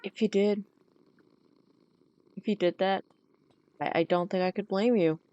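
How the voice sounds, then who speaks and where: A woman's voice: medium pitch, fairly even intonation, unhurried, mellow, no room sound, dull audio. A woman from the American South, streaming and chatting casually with dry, teasing banter.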